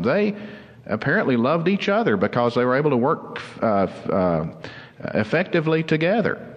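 A man preaching a sermon as pastor, earnest and explanatory, slowing down to stress key words. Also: on the high side, big-room sound, muffled recording. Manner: earnest, explanatory, slows down for emphasis.

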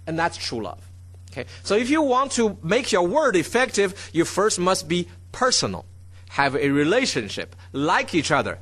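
A man's voice: high voice, fairly bright tone, husky. A man teaching a Bible lesson from slides, stressing key words and often checking in with his listeners.

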